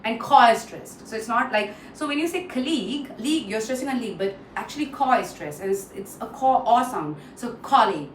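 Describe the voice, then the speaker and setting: A woman with an Indian English accent teaching English pronunciation in a casual lesson, repeating words slowly and mixing in Hindi phrases. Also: a little high, animated. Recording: echoey room, distant mic, faint noise.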